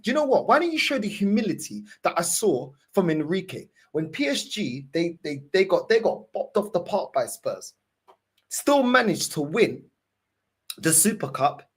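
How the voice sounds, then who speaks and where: A furious football fan host, on a heated rant straight to camera. The voice leaps up and down wildly and sounds somewhat husky. Points get hammered home again and again, with plenty of swearing. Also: medium pitch, big pitch swings, moderate pace.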